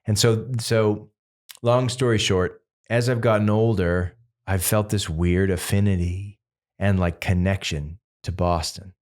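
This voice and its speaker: Deep-voiced man rambling through stories. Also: measured pace. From Massachusetts. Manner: rambling, animated storytelling full of fillers. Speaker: singer-songwriter guest. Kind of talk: casual interview chat.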